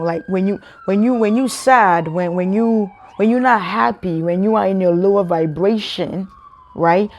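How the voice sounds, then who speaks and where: A woman's voice: lowish voice, darkish tone. A woman giving a casual spiritual monologue to camera, preaching to her viewers and asking them rhetorical questions. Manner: informal, addresses viewers as y'all. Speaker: spiritual vlogger.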